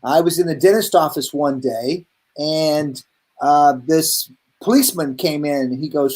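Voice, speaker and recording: Animated man telling a story on a video call. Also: a little high, unhurried. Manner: animated storyteller, acts out voices in his anecdotes. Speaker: host, hair educator.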